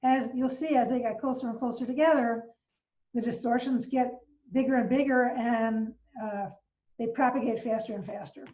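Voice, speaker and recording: A woman's voice: a little high, fairly even intonation, normal speed, a little mellow. An older woman, an astronomy professor, giving an informal science lecture from her living room, explaining patiently with fillers and restarts. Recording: roomy, distant, dull home recording.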